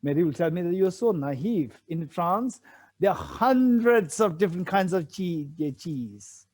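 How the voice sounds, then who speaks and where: In a high, slightly mellow voice with lively intonation and a measured pace, a man teaches a Buddhist sutra commentary. He works through the text patiently, repeating important phrases and raising rhetorical questions.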